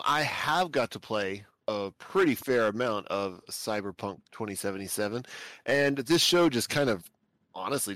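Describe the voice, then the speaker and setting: A man co-hosting a casual podcast chat, enthusiastic and quick to laugh. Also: lowish voice, fairly bright tone, no echo. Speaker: podcast co-host.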